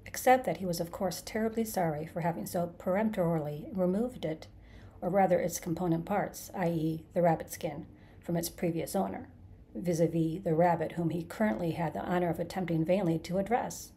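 Woman reading an audiobook, mellow-voiced. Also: fairly low pitch, a little fast. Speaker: narrator, podcast host. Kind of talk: scripted audiobook narration.

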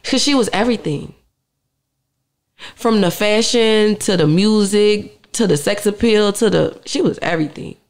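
A woman from Uptown New Orleans with a New Orleans accent, chatting animatedly as a rapper guest in an interview. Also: mid-range voice. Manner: animated, quick Uptown talk. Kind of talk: casual interview chat.

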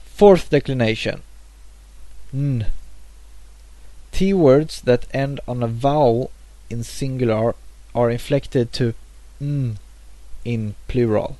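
A man teaching a grammar lesson, reading example words slowly with a pause after each one. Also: medium pitch, mellow, no echo. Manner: measured, pausing between each example word. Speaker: language teacher.

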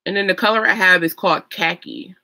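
Bright, gushing young woman vlogger. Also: mid-range voice, fairly even intonation, a little fast, vocal fry. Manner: chatty and gushing, with fillers and sung sounds. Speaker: beauty vlogger. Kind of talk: casual get-ready-with-me chat.

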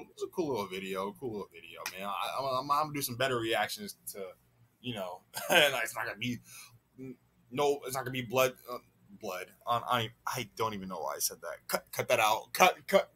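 A man's voice: mid-range voice, fairly bright tone, slightly rough. A man hosting a reaction video, chatting casually and rambling with frequent stutters and laughs.

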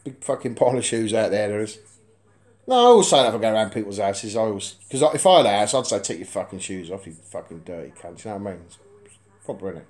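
A man's voice: fairly low pitch, expressive, very fast, a little mellow. Man vlogging, loose and rambling, swearing in nearly every line, blunt everyday delivery. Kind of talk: casual vlog chat. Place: indoors in a house.

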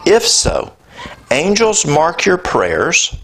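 A man preaching a sermon, telling a personal story in a conversational, animated way. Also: on the high side, drawn-out words. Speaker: pastor. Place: church.

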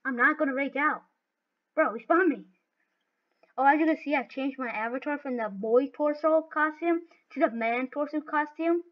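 A woman giving live gameplay commentary, excitable and talking to herself as she plays. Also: sits high, moderate pace. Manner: excitable, talks to herself while playing. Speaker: gaming video host. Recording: dull lo-fi recording.

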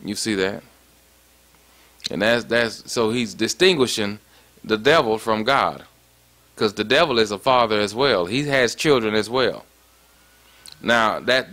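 A man's voice: mid-range voice, a little slow, fairly bright tone. A man preaching a sermon in a conversational way, often stopping to ask "you see that?". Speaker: pastor.

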